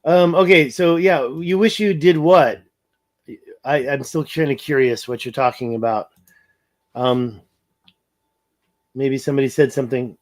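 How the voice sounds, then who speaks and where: Unhurried and pausing frequently, this man speaks in a mid-range voice as he hosts a relaxed livestream. He pans across a map, reads viewer chat, and thinks out loud in a rambling way.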